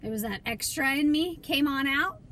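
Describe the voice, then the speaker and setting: A mother demonstrating nail polish on a live stream chats casually and teases her son, giggling often. Her voice sits high and a bit bright, with lively intonation at a moderate pace and slight background noise.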